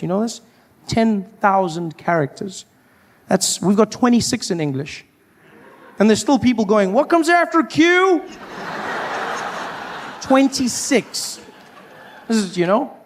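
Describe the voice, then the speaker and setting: A man in his thirties from Africa, performing a stand-up set and jumping into high put-on voices for his bits. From South Africa. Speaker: stand-up comedian. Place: live comedy venue.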